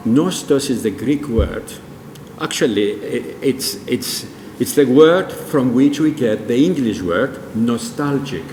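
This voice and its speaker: Speaking slowly but with animation, an older man with a medium-pitched, darkish voice tells stories and poses questions to his audience at a public event. He's in a large museum hall, where there's a long reverb, faint room ambience, and slight background noise.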